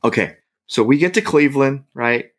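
This Bay Area man is a guest in a casual conversation, telling a story with lots of animation and laughter while acting out what people said. His pitch is medium and his speed is normal.

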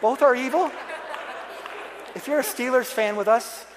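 A man's voice: extremely high pitch, moderate pace, crowd noise, noisy background. A young adult man preaching a sermon, chatty and joking, turning earnest and pleading when he prays. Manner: conversational, joking asides, earnest prayer passages. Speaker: pastor. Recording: long hall reverb.

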